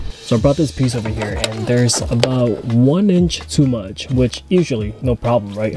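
A young man casually narrating a vlog, joking and relaxed as he shows off a small living space he built. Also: mid-range voice. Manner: relaxed, joking, says "bruh" often. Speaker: vlogger. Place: inside a converted SUV. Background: background music.

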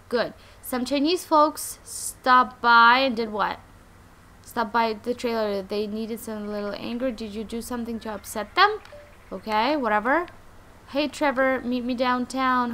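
A young woman hosting a let's play, commenting with exasperation, muttering and then yelling. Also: on the high side, a little hiss or hum. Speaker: gaming channel host.

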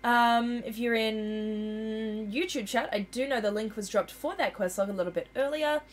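A bubbly Australian woman hosting a casual game livestream. Her voice sits a touch high, and she chats easily and laughs often. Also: normal speed. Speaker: livestream host. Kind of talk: casual game stream chat.

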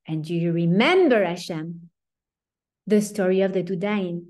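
Woman playing sorrowful biblical matriarch, pleading, heartfelt, mellow low tone. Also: measured pace, natural voice. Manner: heartfelt first-person confession. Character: biblical matriarch Rachel, grieving, pleading with God.

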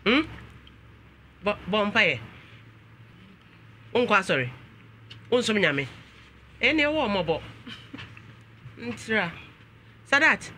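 A Ghanaian man hosts a talk show in a high, piercingly bright voice. He flips between English and Twi and breaks into frequent exclamations. A faint hiss sits behind him. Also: very animated, slow, long pauses.

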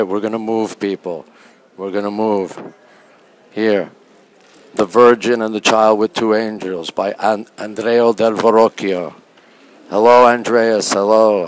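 Hushed Canadian man livestreaming. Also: measured pace, low-quality recording. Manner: talking low and hushed; greets viewers by name, chatty. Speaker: livestream host. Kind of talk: casual live-stream chat. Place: quiet art museum gallery, indoors.

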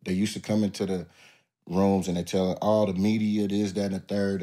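A man with a lowish voice tells stories as a podcast guest, laid-back and drawling. He swears freely and slips into little impressions of other people. The delivery is relaxed and unhurried. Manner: laid-back, profane, drawling storyteller who acts out others. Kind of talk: casual interview storytelling.

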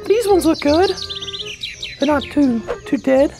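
A chirpy young girl, voiced by a woman, in a homemade cartoon fairy tale. She hums in a sing-song way and speaks in a very high voice. Soft music plays behind her. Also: lively intonation, unhurried. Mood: cheerful. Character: cheerful young girl, Little Red Riding Hood.

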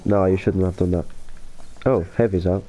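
A man's voice: deep voice, normal speed, slight background noise. A young man commentating his own online shooter match, exclaiming over kills and deaths. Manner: excitable, exclaims and narrates his own plays. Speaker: gaming YouTuber. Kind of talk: live gameplay commentary.

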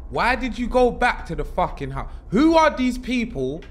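A young man giving excitable, swearing, joking commentary while streaming a horror game. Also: very high-pitched, normal speed. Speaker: gaming streamer. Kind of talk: horror let's-play commentary.

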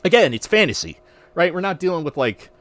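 Guy ranting on his stream podcast, swears a lot, voice jumps all over, kinda high, dry mic. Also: a little fast, no room sound. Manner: animated, profane, ranting with restarts. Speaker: podcast host. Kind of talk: casual livestream rant.

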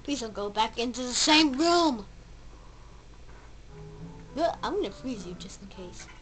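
Girl doing a let's play, high voice, slow easygoing talk, squeals and yells at the game, goofy noises. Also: soft background music, poor audio. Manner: excitable, yelps and shouts at the game; hums and babbles silly sound effects. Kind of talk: casual gameplay commentary.

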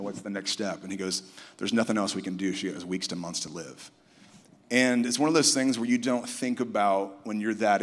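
A man's voice: lowish voice, fairly bright tone. A man giving a personal testimony on stage at a conference. He tells it as an earnest story and acts out the people he quotes. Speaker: conference speaker sharing a testimony. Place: large conference hall. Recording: long hall reverb from a live conference.

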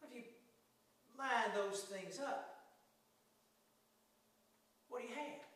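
A male pastor preaching a sermon in a slow, folksy way, with humorous asides. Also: very high-pitched, a bit bright. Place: church sanctuary. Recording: echoey sanctuary, mic at a distance.

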